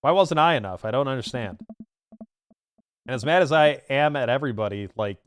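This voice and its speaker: A man's voice: mid-range voice, brisk, clear, resonant tone, soft background music, close to an everyday voice. A man reading the lines of an upset teenage girl venting to her dad in a dating game, in a subdued, rambling way. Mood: hurt.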